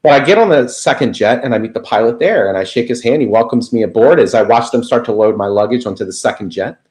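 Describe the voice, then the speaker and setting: A man on a video call, a guest telling an animated story in a casual interview. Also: mid-range voice, quick pace, roomy sound, poor audio. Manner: animated anecdote teller, lively quoted voices. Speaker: guest speaker.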